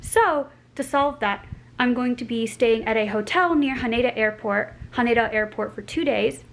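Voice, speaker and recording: An American woman talks straight to her viewers in a loose, rambling vlog style, stringing thoughts together with plenty of "like"s. Her voice sits a little on the high side. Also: moderate pace, creaky, poor audio. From United States. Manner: rambling, chatty, full of filler likes. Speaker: vlogger. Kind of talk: casual chat to camera.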